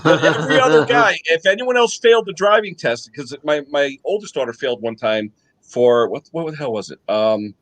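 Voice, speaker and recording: A high-pitched older man spins animated stories in a relaxed chat and keeps asking his listeners "okay?" as he goes. The recording is dry and close, with no room sound around his voice. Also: moderate pace, no echo, low-quality recording. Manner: animated storyteller, checks in with "okay?" tags. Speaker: guest on live chat. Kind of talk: casual storytelling chat.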